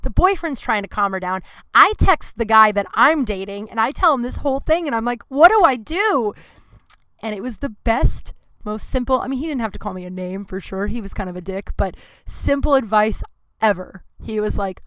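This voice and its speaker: A woman in her thirties hosting a podcast, telling a rambling, profane story in a casual, animated way. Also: on the high side, brisk, smooth, dry recording. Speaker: podcast host.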